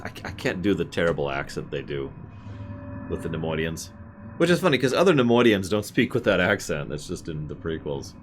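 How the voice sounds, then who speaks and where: A man's voice: low-pitched, sing-song, brisk, background noise. A man streaming a game and chatting casually, wandering into side tangents as he plays. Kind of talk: casual gameplay commentary.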